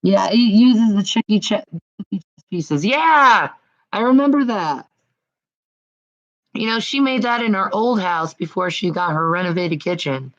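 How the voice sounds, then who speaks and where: A woman's voice: mid-range voice, a little slow, dull audio. A woman chatting casually on a livestream, rambling, sighing and swearing often, out of breath.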